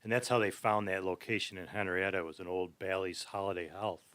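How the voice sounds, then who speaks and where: A man's voice: low-pitched, fairly even intonation, fairly bright tone, dry recording. A middle-aged man, a skatepark ramp builder, telling long rambling stories in a casual podcast chat and agreeing often. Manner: rambling storyteller, quick to agree.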